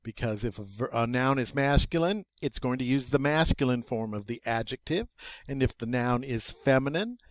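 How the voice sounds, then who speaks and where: A man teaching French vocabulary as a lesson, slow and playful with little jokes along the way. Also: medium pitch, animated, no room sound. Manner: slow, playful, jokey asides.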